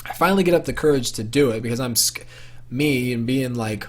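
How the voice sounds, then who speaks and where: Talking to camera for his vlog, a young man tells a personal story fast and casually. His medium-pitched voice rambles, full of fillers and restarts.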